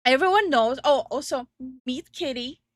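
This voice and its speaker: A woman's voice: sits high, animated, normal speed, dry recording. A young woman co-hosting a casual livestream from home, giggly and greeting chat viewers by name. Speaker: streamer co-host. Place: home streaming room.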